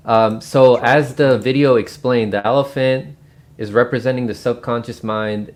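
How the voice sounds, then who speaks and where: A man hosting his own channel, recommending and explaining a book in a loose, casual way with lots of fillers and restarts. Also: medium pitch. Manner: rambling, many fillers and restarts. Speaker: book review host. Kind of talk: casual spoken book review.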